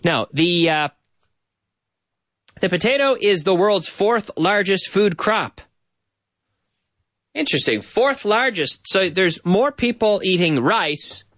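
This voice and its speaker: A man's voice: high-pitched, animated, slow pace, pauses often, fairly bright tone, dry recording. A man hosting a radio show in a studio, chatting and explaining clips, slipping in Spanish translations. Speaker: radio host. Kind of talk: bilingual radio show chat.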